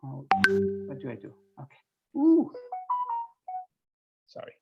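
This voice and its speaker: A man's voice: medium pitch, sing-song, normal speed, creaky, narrow, tinny audio, over loud music. A man teaching an online English class, patiently quizzing students by name and explaining word pairings, heard over a video call.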